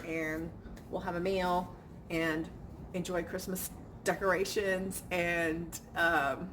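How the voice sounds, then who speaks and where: A woman's voice: lowish voice, a bit bright, a little hiss or hum. A woman vlogger venting in casual chat, chatty and stressed, acting out quoted exchanges with little laughs. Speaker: vlogger and crafter.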